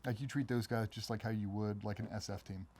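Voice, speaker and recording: A slightly rough-voiced, middle-aged former Navy SEAL appears as a guest in a casual interview. He tells his stories quickly and vividly, acting out quoted speech in a noticeably higher voice.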